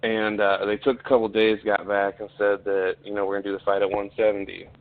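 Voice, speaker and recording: A man's voice: fairly low pitch, monotone, a little fast. A man telling a story in a casual, blunt way, swearing often and getting heated. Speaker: podcast guest, fighter. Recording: tinny phone-like line.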